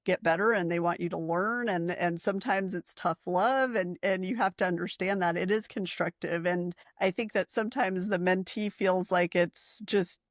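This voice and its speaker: A woman's voice: on the low side, moderate pace, hardly any pauses, dry recording, studio quality. A woman hosting a podcast, responding to her guest in an enthusiastic, reflective way. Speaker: podcast host. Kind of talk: casual interview talk.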